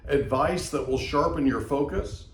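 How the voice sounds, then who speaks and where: A man's voice: a little high, unhurried, far from the mic. A man hosting a podcast, reading an upbeat scripted introduction to his show. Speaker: podcast host. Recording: roomy sound, mic set off from the speaker.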